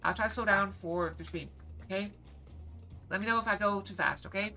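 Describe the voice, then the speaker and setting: A woman chatting quickly and playfully to her live-stream viewers while gaming, sometimes reading game lines aloud. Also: mid-range voice, sharp tone, soft background music. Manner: fast-talking, bubbly, apologizes for talking too fast; reads game dialogue aloud.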